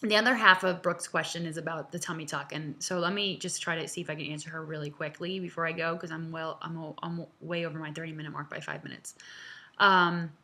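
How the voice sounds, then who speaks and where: A woman's voice: sits low, fairly even intonation, fairly quick, bright, forceful tone. Earnest, chatty woman vlogging from home. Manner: chatty and earnest, many fillers, laughs, close to tears. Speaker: vlog host answering viewer questions. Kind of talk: casual, heartfelt direct-to-camera talk.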